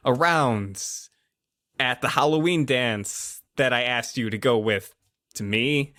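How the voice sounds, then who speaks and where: A man's voice: mid-range voice, slow, sharp tone, no room sound. A man voicing an awkward teenage boy who rambles and stammers nervously.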